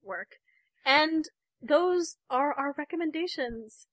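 A woman's voice: high voice, expressive, slow, no room sound. A young woman co-hosting a podcast, chatting casually, laughing and retelling stories with animation. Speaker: podcast co-host.

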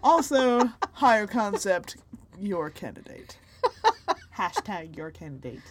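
A woman's voice: mid-range voice, big pitch swings, takes it slowly, a little hiss or hum. A woman from the American South co-hosting a comedy podcast, joking and teasing in casual chat. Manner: joking, teasing, puts on voices. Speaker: podcast co-host.

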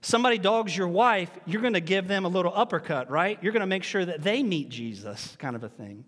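A man preaching a sermon as pastor, animated, with rhetorical questions and humorous asides. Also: high-pitched, a little fast. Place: church sanctuary. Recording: long reverb in a large church hall.

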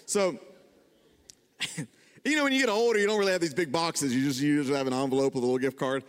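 A young adult man preaching a sermon in a church, telling funny stories about himself with lively swings in his voice. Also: fast, clean tone. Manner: animated, self-deprecating, jumps in pitch when excited. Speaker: pastor. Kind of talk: sermon with storytelling. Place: church sanctuary. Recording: long hall reverb.

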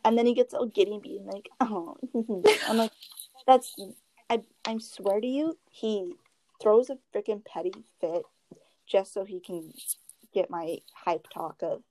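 A young woman chatting casually with a friend, telling gossipy stories about her boyfriend in an animated way. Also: mid-range voice, a little slow, slight background noise, low-quality recording. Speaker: co-host. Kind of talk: casual chat.

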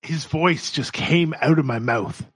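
Male podcast co-host, husky voice, relaxed and halting delivery. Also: on the high side. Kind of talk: casual chat.

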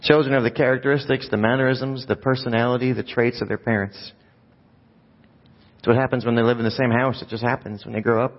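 Speaking quickly in a steady, medium-pitched tone, this pastor delivers a sermon in a church sanctuary. He addresses the congregation as if chatting with them, posing rhetorical questions, while a long hall reverb hangs on his voice in a dull, muffled recording.

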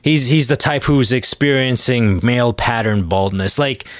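A man's voice: mid-range voice, moderate pace, dry recording. A man hosting a podcast, telling a rambling, sardonic comedic story. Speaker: podcast host. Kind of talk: comedic monologue.

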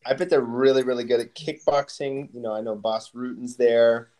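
A man's voice: medium pitch, flat delivery, a little mellow. Jokey male podcast co-host. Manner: jokey, quick with silly asides. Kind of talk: casual comedic banter.

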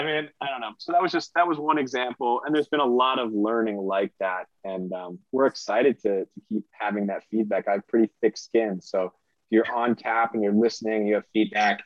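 Excitable middle-aged man, dull dry mic. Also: lowish voice, no room sound. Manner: excitable, rambling, self-deprecating. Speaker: podcast guest. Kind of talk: casual interview talk.

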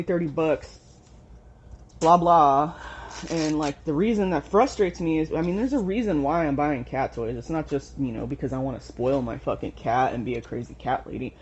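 A woman's voice: sits low, darkish tone, slight background noise. Frustrated young woman venting, lo-fi. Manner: frustrated, swears often, rambling. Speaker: vlogger. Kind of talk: casual venting monologue. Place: at home. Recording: dull lo-fi home recording.

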